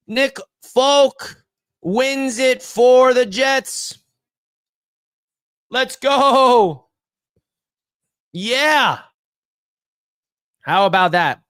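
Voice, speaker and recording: A man hosting a live fan watch party, calling the plays and shouting with excitement over big moments. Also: high-pitched, clean tone, no room sound, studio quality. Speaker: fan channel host. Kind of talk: live play-by-play fan reaction.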